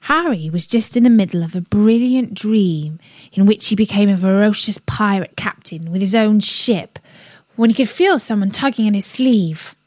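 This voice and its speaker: A woman reading a children's story aloud on a radio show, gentle and expressive. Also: mid-range voice, normal speed, dry recording.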